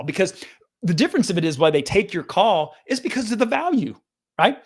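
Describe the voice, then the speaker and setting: A man's voice: sits high, very animated, fairly quick, breathy edge. A man in his fifties giving an earnest, casual motivational talk to camera as a business coach, restarting sentences often and slipping into quoted voices.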